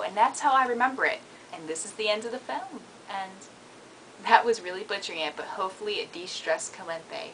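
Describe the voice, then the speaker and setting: A woman's voice: mid-range voice, animated, moderate pace, fairly bright tone, slight background noise, low-quality recording. A woman with a Mid-Atlantic American accent, chatting to camera in a giggly, self-deprecating way. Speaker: vlogger. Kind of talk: casual chat to camera.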